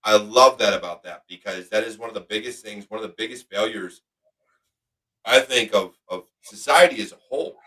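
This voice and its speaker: A man's voice: fairly low pitch, a little fast, bright, forceful tone, distant mic, poor audio. A man hosting a podcast in casual chat, talking emphatically and motivationally and swearing freely. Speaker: podcast host.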